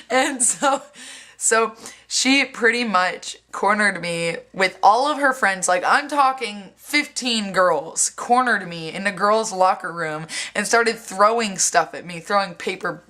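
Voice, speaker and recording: A woman's voice: on the high side, a little slow. A young woman vlogging casually, acting out quoted lines and swearing bluntly, with lots of "like". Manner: animated, acts out other people's lines in quoted voices; frequent "like" fillers, blunt and sweary. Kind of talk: casual storytelling vlog.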